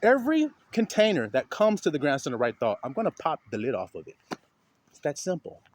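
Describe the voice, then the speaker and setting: A man preaching an informal, profane street sermon, swinging between loud outbursts and low asides and acting out the voices of the people he quotes. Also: huge pitch swings, a little fast, a little hiss or hum. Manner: profane, colloquial.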